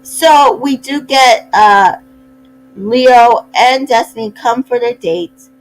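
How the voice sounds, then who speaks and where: A woman's voice: on the high side, low-quality recording. Sassy, opinionated woman recapping. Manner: chatty and opinionated, with sassy asides; acts out cast members' lines in quick voices. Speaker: recap host. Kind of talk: casual reality TV recap.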